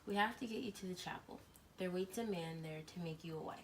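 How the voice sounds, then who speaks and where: A woman's voice: fairly low pitch, fast, a little hiss or hum, lightly acted. A woman playing a tired nurse who complains and stalls with news.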